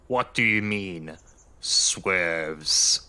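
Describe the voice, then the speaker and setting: A man's voice: deep voice, drawn-out words, bright, forceful tone, clean tone, pitched below the performer's own voice, heavily acted. Storybook figure: a man voicing a timid young diesel engine, fretful and hesitant. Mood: worried. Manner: worried, hesitant.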